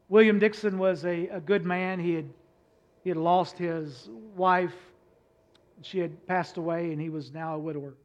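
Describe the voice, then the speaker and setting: High-voiced preacher man, dull lo-fi sound. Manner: preaching with swings from quiet to loud, frequent "uh" fillers. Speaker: pastor. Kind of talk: sermon.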